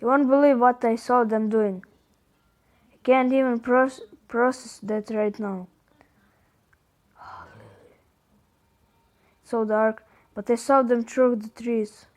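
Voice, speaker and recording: A man with a Croatian accent reading the texts of a frightened young woman lost in dark woods, in a panicky, breathless way. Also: very high voice, fairly even intonation, unhurried. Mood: scared.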